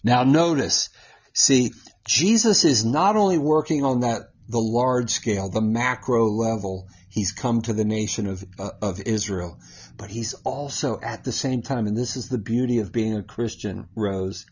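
A man with a slightly husky voice walks his co-hosts through a Bible passage, animated and chatty. He keeps checking in with "right?" and laughs as he goes, sitting at a middling pitch. The recording is muffled and lo-fi. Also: unhurried. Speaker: Bible teacher on a talk show. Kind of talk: conversational Bible teaching.

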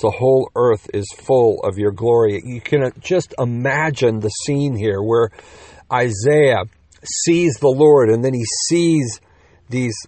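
A man's voice: medium pitch, darkish tone, dry recording. A man preaching a sermon in a conversational teaching manner, with rhetorical questions and quips, growing emphatic on key points.

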